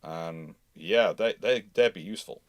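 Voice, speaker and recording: A man's voice: low voice, measured pace, no room sound, clean studio sound. A man hosting a live naval history Q&A stream, telling rambling anecdotes and acting out the quotes, on a video call mic. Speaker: host.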